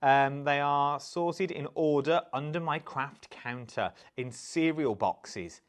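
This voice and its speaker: A man's voice: fairly high pitch, takes it slowly. A man with a British accent presenting a live craft shopping show, chatty and upbeat, reading out viewer comments as he goes.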